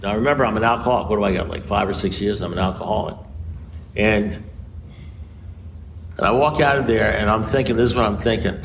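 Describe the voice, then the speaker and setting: American man telling a lively story. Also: fairly quick, long pauses. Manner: animated, acts out dialogue with swings in pitch. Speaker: recovery meeting speaker. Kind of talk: storytelling talk. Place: meeting room. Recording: noisy room recording.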